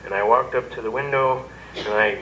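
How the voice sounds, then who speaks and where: A man's voice: mid-range voice, fairly quick, pushed and bright. Folksy man telling a funny story. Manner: chatty, amused, folksy, with hesitant fillers. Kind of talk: humorous anecdote told to an audience. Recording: echoey noisy room recording.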